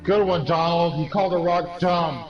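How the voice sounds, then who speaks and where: Chill podcast guy playing a game, slightly high voice, muffled mic. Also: moderate pace, reverberant, a crowd in the background. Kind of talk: casual chat.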